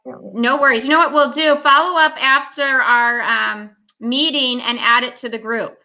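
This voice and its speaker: A woman hosting over a video call gives brief, encouraging replies. Her voice is fairly high and bright, and the call audio sounds somewhat dull and lo-fi. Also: steady tone, normal speed. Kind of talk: casual talk on a video call.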